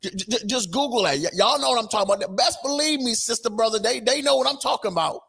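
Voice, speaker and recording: A man doing a mocking, high-pitched impression of a sassy woman politician, drawn out and exaggerated. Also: fast, vocal fry, bright, forceful tone, slightly rough, heavily acted.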